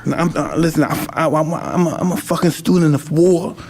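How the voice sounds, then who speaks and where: A man's voice: fairly high pitch, fairly quick, gravelly, a little mellow, breathy edge. A man in his fifties, a retired boxer talking on a podcast, rambling and intense, often breaking off mid-sentence. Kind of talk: emotional conversation.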